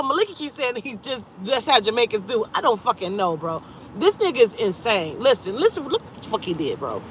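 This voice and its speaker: A woman recounting a personal story in a loose, profane storytime style, her voice leaping high and loud when she gets exasperated. The audio is dull and lo-fi. Faint traffic hums in the background. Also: moderate pace. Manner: profane, animated retelling with loud exasperated outbursts. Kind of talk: casual storytime vlog.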